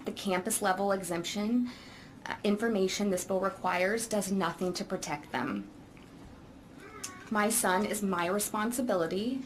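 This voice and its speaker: Woman, parent giving committee testimony; earnest, emotional, measured delivery, faint background noise. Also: medium pitch, low-quality recording. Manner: earnest, emotional, slow and deliberate. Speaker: parent testifying at a legislative hearing. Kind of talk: reading prepared testimony.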